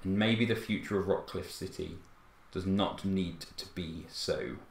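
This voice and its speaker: A man playing a calm, commanding herald. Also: low voice, measured pace, gravelly, echoey room, slight background noise. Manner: resolute, commanding proclamation. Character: calm authoritative British male herald.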